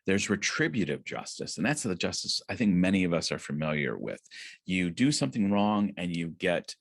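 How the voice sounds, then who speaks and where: A man with a low, deep voice retells a parable to a school assembly. He talks in a loose, conversational way, often stopping to restart a phrase, and the recording sounds dry and close. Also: very animated, gravelly, no echo. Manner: halting, conversational storytelling with frequent restarts.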